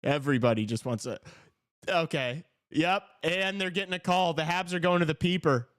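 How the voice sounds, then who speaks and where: A man hosting a casual live talk show, reacting to a hockey game with excited outbursts and jokes. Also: a little high, normal speed, dry recording, studio quality. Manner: excitable, shouts at big plays, joking. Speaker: podcast host watching a hockey game.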